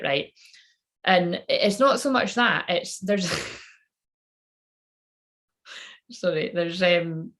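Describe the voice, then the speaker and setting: A woman's voice: on the low side, gravelly, fairly bright tone. A woman who works as a spiritual channeler, rambling casually on a live stream, swearing freely and talking straight to her viewers.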